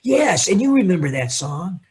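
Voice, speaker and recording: A man lecturing a class on accounting, animated and teasing, calling on students by name. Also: high-pitched, normal speed. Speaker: accounting instructor.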